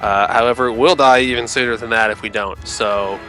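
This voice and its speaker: A man playing a tabletop role-playing game, talking through his character's moves out loud. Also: medium pitch, steady tone, brisk, faint music behind. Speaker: player. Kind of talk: tabletop game play over voice chat.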